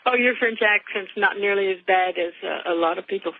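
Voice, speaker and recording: A woman calling in to a radio talk show, chatty and quick to laugh. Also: mid-range voice, no echo. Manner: slow, laughs easily, chatty. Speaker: caller. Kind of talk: phone-in talk. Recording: tinny phone line.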